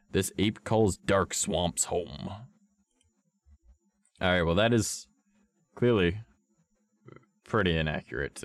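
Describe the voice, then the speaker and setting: Deep gravelly-voiced man, swearing streamer. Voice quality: deep voice with a vibration. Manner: swears often, jokes between reading; puts on a higher pitched voice. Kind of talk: casual chat reading about cryptids.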